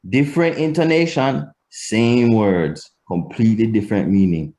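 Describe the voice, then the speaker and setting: A man teaching a language lesson, explaining slowly and deliberately, swinging his pitch to demonstrate. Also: big pitch swings, mellow.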